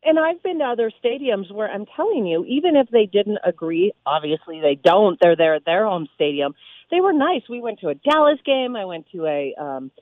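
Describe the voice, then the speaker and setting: A woman with a lively, somewhat high voice tells her stories emphatically. She is a radio DJ heard over a tinny phone line. The sound is dry and close, with no room around it. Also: normal speed, no room sound. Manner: emphatic, animated storytelling. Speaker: radio DJ guest. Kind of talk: sports radio interview.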